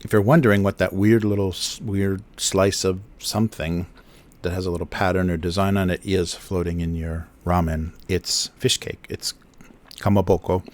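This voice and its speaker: A man's voice: sits low, steady tone, normal speed. A man hosting a casual drawing livestream, rambling through explanations with lots of fillers and restarts, close to a desk mic at home. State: chewing food near the mic. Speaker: livestream host, cartoonist. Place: home studio in Japan.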